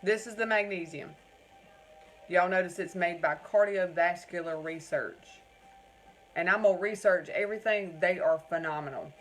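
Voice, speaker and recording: A woman's voice: on the low side, normal speed, soft background music, low-quality recording. A woman from North Carolina with a Southern accent, rambling in a casual live stream from home and reading out viewers' comments. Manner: chatty, rambling, keeps calling viewers "y'all" and reading out their comments. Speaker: crafting livestream host.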